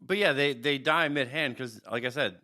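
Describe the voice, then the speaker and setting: A man co-hosting a podcast, describing characters in a relaxed, rambling way with frequent chuckles. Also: medium pitch, moderate pace. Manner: rambling, chuckles often, restarts. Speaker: podcast co-host. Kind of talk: casual chat describing characters.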